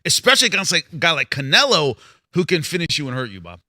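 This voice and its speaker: A man's voice: on the high side, wildly swooping pitch, fast talker, pushed and bright, no echo, studio quality. A man hosting a boxing panel show, telling stories and acting out quoted voices, with some stammered restarts. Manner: storytelling, acts out quoted voices. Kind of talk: animated panel chat.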